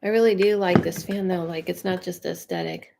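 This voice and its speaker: A woman's voice: on the low side, fairly even intonation, brisk, gravelly, noisy background. Woman medium chatting on her stream, talks straight to viewers, kinda rambly. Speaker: psychic medium. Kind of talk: casual livestream chat and readings.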